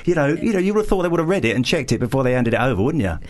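A man's voice: mid-range voice, sing-song, rapid-fire. A man co-hosting a casual radio film chat, theatrical and jokey. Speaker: guest co-host.

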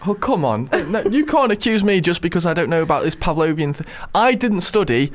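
A man's voice: high voice, big pitch swings, brisk. A man in his twenties chatting casually and joking around in self-deprecating banter. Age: 20s. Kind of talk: casual chat.

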